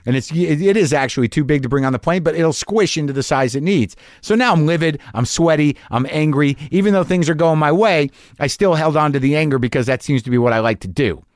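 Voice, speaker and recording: A man's voice: on the high side, fairly quick, few pauses, dry recording. Man, middle-aged, ranting monologue, profane, self-mocking, dry close sound. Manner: profane, ranting, self-deprecating, acts out quotes. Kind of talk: casual monologue storytelling.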